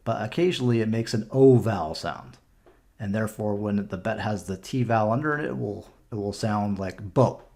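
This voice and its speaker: A man's voice: on the low side, fairly quick, gravelly, a little mellow. Patient Canadian man explaining step by step. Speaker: bar mitzvah tutor. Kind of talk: screen-recorded lesson. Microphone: computer mic for a screen recording.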